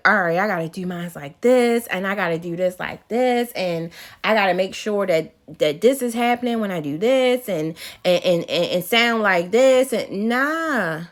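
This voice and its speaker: A young woman talks straight to her viewers from her home kitchen, chatty and open, often breaking into laughs. Her voice sits in a middle register with a bright, forward edge. She sounds like a casual cooking vlogger sharing her thoughts. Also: medium pitch. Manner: chatty, emotional, lively with frequent laughs and "child". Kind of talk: casual chat to camera while cooking.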